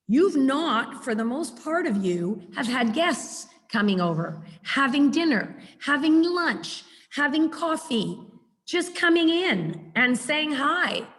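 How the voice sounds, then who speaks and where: A woman dog trainer teaching a webinar over a video call, chatty and lively, repeating words for emphasis. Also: a little high. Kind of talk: webinar lesson. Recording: echoey video call audio.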